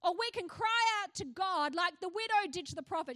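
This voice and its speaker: A woman's voice: extremely high pitch, animated, a little fast, hardly any pauses, sharp tone. A middle-aged woman pastor with an Australian accent, preaching a passionate sermon that rises to fervent cries.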